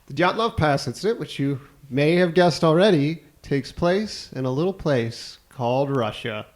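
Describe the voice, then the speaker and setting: A man's voice: on the high side, animated, moderate pace. Joking man telling history on a podcast. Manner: jokey, rambling, laughs mid-sentence. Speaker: podcast co-host, history presenter. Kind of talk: comedic podcast chat and storytelling.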